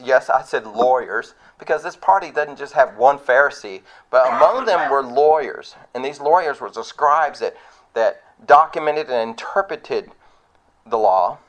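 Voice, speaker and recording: A male preacher delivers a sermon in a casual, emphatic tone. He fires off rhetorical questions and swings between soft, intimate stretches and punchy, louder lines. His voice sits at an ordinary middle pitch.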